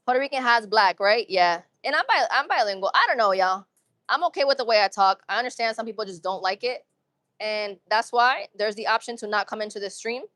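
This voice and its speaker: In a casual live-stream chat, a young New England-accented woman from Massachusetts keeps things upbeat, sprinkling in urban slang and repeating phrases often. She speaks briskly in a mid-range, slightly bright voice, and there's no room sound.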